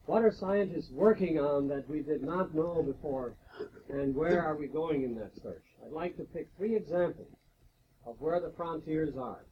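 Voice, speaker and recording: A man giving a measured, explanatory lecture-style talk at a faculty retreat, posing rhetorical questions as he goes. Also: fairly high pitch, slight background noise. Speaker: guest speaker at a faculty retreat devotion. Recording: dull lo-fi 1980s tape recording.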